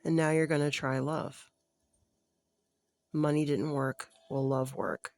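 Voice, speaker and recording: A tarot reader giving a casual spoken reading to an unseen client, thinking aloud in a halting, self-correcting way and staying gentle and sympathetic, sometimes sinking to a soft murmur. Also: mid-range voice, little pitch movement, creaky. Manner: gentle, empathetic, drops to a soft murmur at times.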